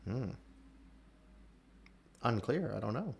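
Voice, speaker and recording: A man's voice: mid-range voice, very animated, slow, vocal fry, crowd noise. A man hosting a podcast, chatting casually in an easygoing, joking way with some hesitation. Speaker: podcast host. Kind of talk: casual chat.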